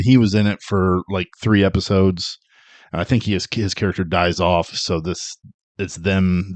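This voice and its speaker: A man's voice: deep voice, no room sound. Laid-back man co-hosting a film podcast. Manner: enthusiastic, laughs, stumbles and repeats words. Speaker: podcast co-host. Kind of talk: casual movie discussion.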